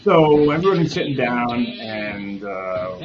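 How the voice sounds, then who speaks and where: A man's voice: mid-range voice, sing-song, measured pace. Male host, casual storyteller, meandering delivery, muffled lo-fi sound, music bed underneath. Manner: rambling, recounts from memory with hedges. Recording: dull lo-fi audio with music behind.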